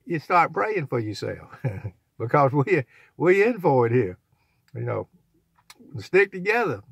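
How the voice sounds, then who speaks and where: A man's voice: fairly high pitch, gravelly, fairly bright tone, slightly rough, no room sound, studio quality. An older man, rambling in a folksy, preachy way as he talks to his own channel's viewers. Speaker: channel owner. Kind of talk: rambling religious vlog talk.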